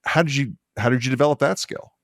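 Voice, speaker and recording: A man's voice: medium pitch, quick pace, no echo. Male interviewer, supportive, long-winded questions, dry close-miked sound. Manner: thoughtful, affirming, rambling questions. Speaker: podcast host.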